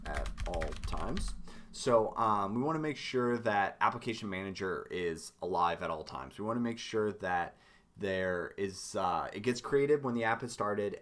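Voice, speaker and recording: A man with a raspy, hoarse voice and lower energy than usual, thinking aloud as he codes through a live stream tutorial, with many ums and restarts. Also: fairly bright tone, a little hiss or hum. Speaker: game dev streamer.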